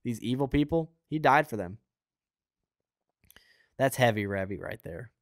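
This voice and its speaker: A man's voice: mid-range voice, animated, unhurried, creaky, no room sound, clean studio sound. A young man with the hiccups, hosting his own show and giving a casual, earnest Christian teaching full of fillers and asides. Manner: earnest, conversational, rambling with fillers. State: has the hiccups. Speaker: podcast host and preacher.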